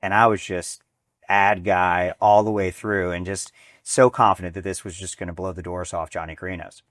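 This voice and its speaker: A man in his forties, a restaurant executive, telling stories in an interview, animated and acting out dialogue with many restarts. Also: low-pitched, moderate pace, dry recording, studio quality. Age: 40s. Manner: animated storyteller, acts out dialogue, frequent restarts. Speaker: restaurant chain executive, guest. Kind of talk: conversational interview storytelling.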